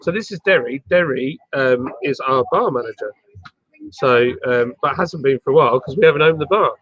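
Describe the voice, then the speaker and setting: A man's voice: medium pitch, fairly quick, fairly bright tone, slightly rough, no echo, highs cut off. A man hosting a casual live stream from a pub garden, playful and bantering as he reads out the chat. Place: outdoor pub garden, on a bench.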